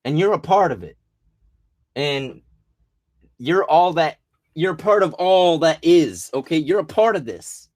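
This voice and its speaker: A man with a somewhat high voice rants in a loose, rambling way, swearing freely and restarting his sentences as he gets worked up. The recording is close and dry, with no room sound around him. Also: lively intonation, unhurried, long pauses, darkish tone, dry recording. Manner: rambling, profane, agitated, with restarts. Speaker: vlogger. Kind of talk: rambling conspiracy rant.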